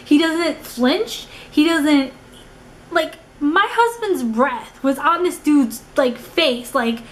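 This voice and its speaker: A young woman tells a story to her camera in a loose, animated way, stumbling over her words and tossing in fillers constantly. Her voice sits a little high for a woman, with a faint hiss in the background. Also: low-quality recording. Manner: animated, rambling with many "like"s and restarts. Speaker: vlogger. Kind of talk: casual storytelling.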